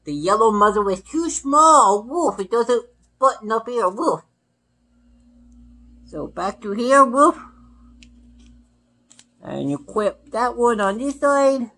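A man's voice: high voice, expressive, measured pace, bright, forceful tone. A man in a casual unboxing vlog, playfully speaking in a pup persona and dropping a barked "woof" between his sentences. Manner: punctuates talk with barked woofs. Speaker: vlogger.

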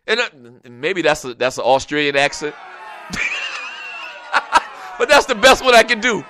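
A man hosting a casual sports talk show, telling long, rambling stories in an animated, joking way. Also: a little high, unhurried, a little hiss or hum.

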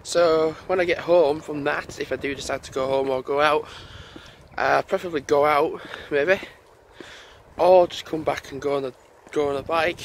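Slow-talking man, higher voice, rambling walk-and-talk vlogger, wind and road traffic behind. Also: a bit bright. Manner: rambling, thinking aloud. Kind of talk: casual walking vlog chat. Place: outdoors on a lane by a busy road. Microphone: handheld camera while walking. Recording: wind and traffic noise outdoors.

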